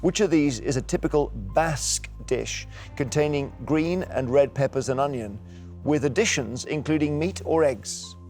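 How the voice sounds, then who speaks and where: A man's voice: on the high side, moderate pace, darkish tone, soft background music. A man hosting a quiz show in a TV studio, upbeat and teasing as he reads out questions.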